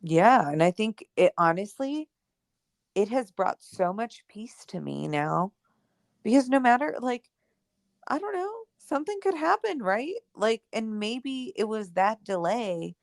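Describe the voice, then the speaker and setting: A young woman, co-hosting a podcast, narrates a personal experience in easygoing talk, energetic and leaning on "like" and "right?" as she acts out the dialogue. Her voice is a little high and creaky, her delivery slightly slow, and the studio sound is clean and echo-free.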